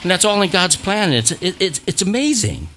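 A middle-aged man preaches to his congregation in a relaxed, conversational way. His voice is bright and forward, and it swings widely up and down as he repeats phrases for emphasis and has the listeners say words back to him. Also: high voice, normal speed, slight background noise. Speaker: pastor. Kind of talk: sermon.

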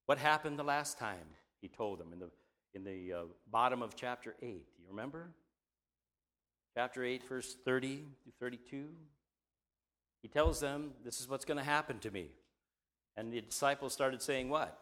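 A man's voice: medium pitch, lively intonation, normal speed, long pauses, fairly bright tone. A man preaching, reading a scripture passage aloud and teaching from it, often asking his listeners questions. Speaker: pastor. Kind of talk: Bible reading and sermon teaching.

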